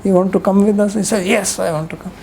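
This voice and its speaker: A woman's voice: mid-range voice, fairly even intonation, fast talker, vocal fry, darkish tone, a little hiss or hum, low-quality recording. A woman giving a rambling, conversational scripture lecture, telling stories with frequent asides.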